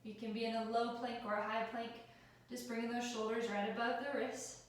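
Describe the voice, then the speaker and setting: A woman teaching a yoga class, calmly and encouragingly cueing each breath and movement. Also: on the high side, a little fast. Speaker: yoga instructor. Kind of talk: guided yoga class instruction. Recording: echoey room, mic at a distance.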